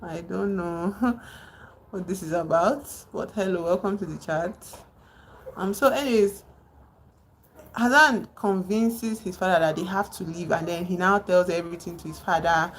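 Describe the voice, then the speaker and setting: This is a woman talking on a live stream with a slightly low-pitched voice. She retells a novel in a loose, conversational way and keeps stopping to greet people in the chat. Faint background noise sits under her voice. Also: measured pace. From Nigeria. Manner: chatty, digressive, breaks off to greet viewers.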